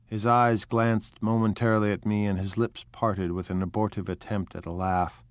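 A man narrates a novel in a steady, measured, unhurried way. His voice sits low, recorded close with a dry, dead sound. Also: no room sound. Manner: measured, even, unhurried reading. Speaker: audiobook narrator. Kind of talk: scripted narration.

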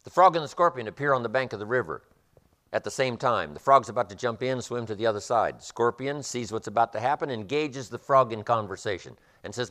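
A man's voice: mid-range voice, expressive, a little fast, a bit bright. A man giving a motivational lecture with an emphatic, repetitive, preacher-like cadence. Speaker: motivational speaker.

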